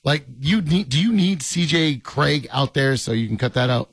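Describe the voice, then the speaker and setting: A man's voice: on the high side, animated, moderate pace, fairly bright tone, breathy edge, no room sound. A man hosting a sports radio show in casual banter, joking and rambling with frequent laughs.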